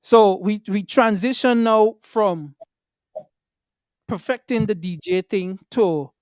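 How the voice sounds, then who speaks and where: A man's voice: high voice, slow pace, a little mellow, clean tone, no echo, clean studio sound. A man interviewing a guest, rephrasing his questions to get at the point.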